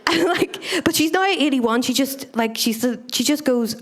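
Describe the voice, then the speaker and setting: A young woman performs stand-up into a handheld mic on a comedy club stage. Her voice sits a little high, and her delivery is loose, chatty and profane. She mocks herself and laughs along with her own jokes. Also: animated, normal speed, few pauses.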